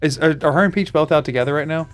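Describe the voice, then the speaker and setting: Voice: medium pitch, rapid-fire. A streamer chatting casually on a live stream, laughing often.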